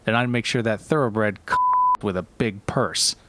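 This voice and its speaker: A man's voice: on the low side, moderate pace, fairly bright tone, slight background noise, lightly acted. A man playing a cold, mocking deadbeat boyfriend who talks curtly and sneers, in a comedy sketch. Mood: sneering. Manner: sneering, curt.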